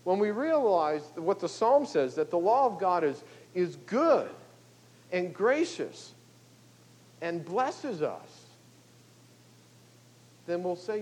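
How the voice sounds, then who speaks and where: An older male pastor delivers a sermon in a relaxed, conversational way, checking in with his listeners as he goes. His voice sits fairly high for a man. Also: takes it slowly, long pauses, slightly rough, rough recording. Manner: conversational, folksy, with frequent "okay?" and "you know".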